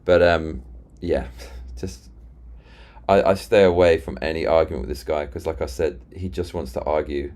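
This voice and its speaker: A man with a very low, deep voice chats casually on a live stream. He rambles, restarts sentences and retells arguments with friends. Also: fairly even intonation, moderate pace, darkish tone. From Britain. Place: London.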